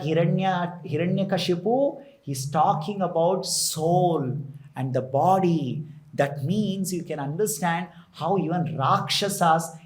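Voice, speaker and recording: A man's voice: on the high side, a little mellow, low-quality recording. A man preaching a sermon, retelling a scripture story with rhetorical questions and chanted verses. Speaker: temple preacher.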